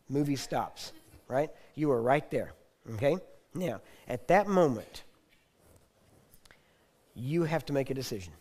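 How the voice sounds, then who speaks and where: A man's voice: medium pitch, darkish tone. Middle-aged Texan male teacher, conversational and humorous, mid-range voice. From Texas. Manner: conversational, joking, keeps checking in with "right?". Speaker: ministry teacher. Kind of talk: teaching session.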